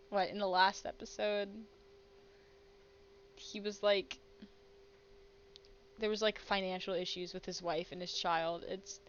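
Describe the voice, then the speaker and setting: Slow, chatty American woman streamer. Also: medium pitch, fairly even intonation, a little hiss or hum. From United States. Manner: chatty, laughing often, jumping between topics. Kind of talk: casual game-playing commentary. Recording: slightly muffled stream mic.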